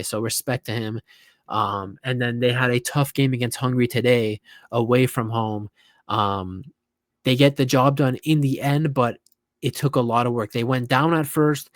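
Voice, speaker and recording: A young man giving casual, opinionated football reaction commentary, tired and animated by turns and often repeating himself. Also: medium pitch, dry recording, clean studio sound. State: tired, yawning.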